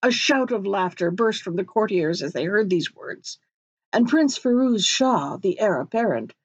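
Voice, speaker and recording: A woman narrating a fairy tale in a measured, expressive storybook reading. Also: on the high side, no room sound, highs cut off.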